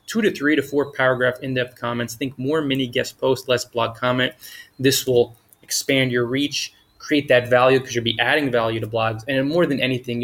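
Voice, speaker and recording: A man's voice: mid-range voice, a bit bright. A man giving an upbeat, informal motivational talk on blogging, full of slang and enthusiasm. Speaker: blogging coach.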